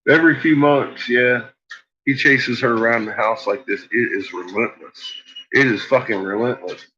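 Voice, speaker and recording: A vlogger at home chats casually, swearing a lot, laughing often and talking to his barking dogs. His mid-range voice is bright and forceful at a moderate pace, captured in a dull lo-fi home recording with faint noise.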